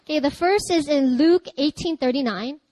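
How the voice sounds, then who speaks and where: A woman pastor preaches in a lively, chatty way, often laughing and bursting into loud cries. Her voice sits high, and the sound is dry and close to the mic, with no room around it. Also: normal speed, no room sound, poor audio. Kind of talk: sermon.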